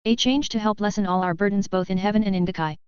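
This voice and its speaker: A woman reading the lines of a calm, scheming goddess. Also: medium pitch, fast, clean tone, no echo, lightly acted. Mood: smug. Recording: dull lo-fi sound.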